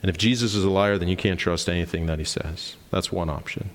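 A man's voice: deep voice, fairly even intonation, a little fast, big-room sound. A man in his forties preaching a sermon, emphatic and explanatory, posing rhetorical questions to the congregation. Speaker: pastor.

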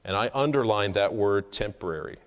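A man preaching a sermon from the pulpit, earnest and measured, with emphatic rises on key points. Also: fairly low pitch. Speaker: pastor. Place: church sanctuary. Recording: long hall reverb.

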